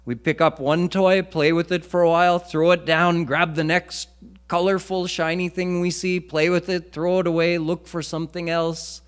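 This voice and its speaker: A man's voice: on the high side, little pitch movement, moderate pace, clean tone. A man preaching a devotional lecture in a temple, teaching earnestly and chanting Sanskrit verses. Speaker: swami preacher. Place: temple hall.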